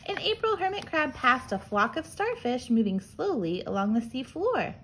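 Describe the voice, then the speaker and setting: A preschool teacher reading a picture book aloud to children in a gentle, animated storytelling manner. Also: female voice, high voice, moderate pace, a little hiss or hum.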